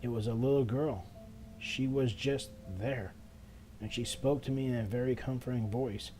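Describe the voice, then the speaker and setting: Faint music plays behind this man's medium-pitched, dark voice, which is fairly even, near everyday, and at normal speed. Reading game text aloud as a let's player, he takes on a scared teenage schoolgirl's first-person narration, sounding earnest and desperate.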